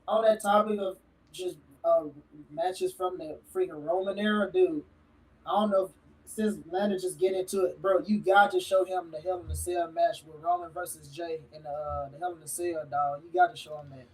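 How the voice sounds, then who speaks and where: A man guest on a casual podcast, telling wrestling stories with hyped, animated enthusiasm. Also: high voice, moderate pace, reverberant, distant mic, low-quality recording. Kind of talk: casual chat.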